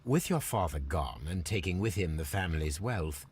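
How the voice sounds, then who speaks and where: A calm, sharp-minded detective questions a suspect in a measured, deductive voice. His pitch sits very low yet moves in wide, lively swings. It is game dialogue, poised and methodical. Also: a little hiss or hum. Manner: measured, deductive and coolly probing. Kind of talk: video game voice acting.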